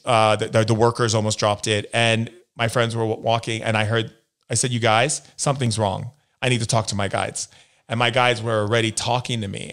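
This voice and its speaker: A man's voice: lowish voice, fairly bright tone, clean tone. A man from the United States, a spiritual healer as interview guest, telling stories and acting out the voices he quotes. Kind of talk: storytelling in a conversation.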